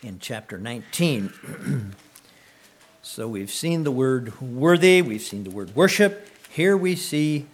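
A man giving a sermon, reading scripture slowly and swelling on words of praise, then adding casual comments and often clearing his throat. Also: medium pitch, expressive. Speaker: preacher.

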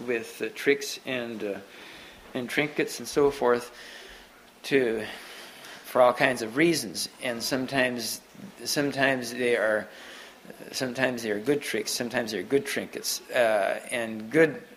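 A man giving an unscripted sermon to a Mennonite congregation, halting often and restarting his sentences. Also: medium pitch, steady tone, a bit bright, a little hiss or hum, rough recording. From Mennonite community. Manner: halting, many restarts and repeated words. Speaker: preacher.

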